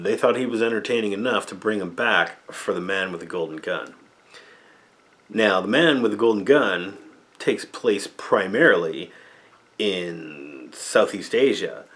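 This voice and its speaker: A man with a fairly low voice reviews old films off the top of his head. His talk is loose and rambling, full of fillers and offhand asides. The tone is casual and unscripted. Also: fairly bright tone. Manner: rambling, loose, lots of "like" and "or whatever". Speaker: movie reviewer, channel host. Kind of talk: casual off-the-cuff movie review.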